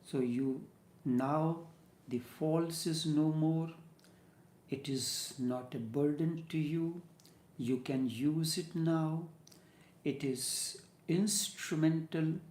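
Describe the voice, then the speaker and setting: A man giving a measured spiritual discourse, dropping to a whisper on key words. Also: a little high, a little mellow. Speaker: spiritual teacher. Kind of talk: slow meditative spiritual discourse. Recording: echoey room.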